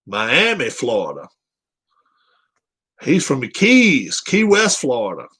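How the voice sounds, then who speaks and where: Animated joking man hosting a chat. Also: mid-range voice, slow, husky. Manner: animated and joking, laughing and teasing viewers. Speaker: host of a live chat show. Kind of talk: casual live-stream chat reading viewer comments.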